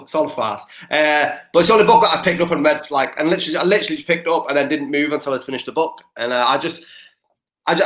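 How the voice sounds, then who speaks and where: A young man talks in a casual podcast chat, his voice sitting a little high for a man. He swears freely and rambles through his stories, tripping over his words and starting over. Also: a bit bright. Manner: sweary, rambling storyteller with many restarts. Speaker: podcast co-host.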